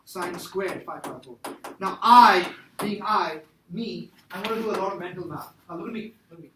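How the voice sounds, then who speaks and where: A man's voice: high voice, quick pace, fairly bright tone, slight background noise. A man teaching a math class, emphatic and repetitive as he quizzes his students. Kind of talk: classroom lecture. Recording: echoey classroom from far off.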